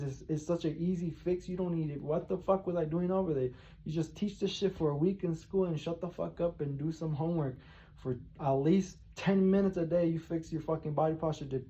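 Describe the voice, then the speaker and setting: A man's voice: fairly high pitch, dark tone, muffled recording. A man rambling and swearing heavily in a monologue to camera, sitting on his bed. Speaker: vlogger. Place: bedroom, seated on bed.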